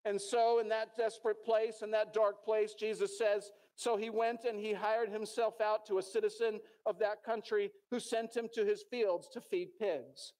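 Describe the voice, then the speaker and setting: Earnest high-voiced pastor preaching. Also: male voice, level tone, moderate pace, hardly any pauses, a little mellow. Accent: American. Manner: storytelling, earnest, many restarts. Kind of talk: sermon. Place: church.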